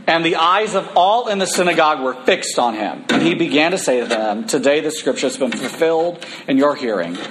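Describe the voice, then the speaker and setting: Man preaching, fairly high voice, casual lively asides, scripture reading, faint room ambience. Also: brisk, hardly any pauses, noisy background. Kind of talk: sermon.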